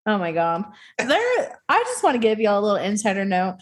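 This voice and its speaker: A woman's voice: medium pitch, huge pitch swings, fairly quick. Giggly, blunt woman co-hosting a podcast. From United States. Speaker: podcast co-host. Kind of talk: casual chat.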